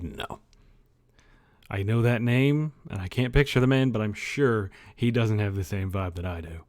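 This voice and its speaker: A man's voice: medium pitch, brisk, darkish tone. A man livestreaming from his bedroom, chatting loosely with viewers, rambling, joking and swearing. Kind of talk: casual chat with viewers. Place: own dimly lit bedroom.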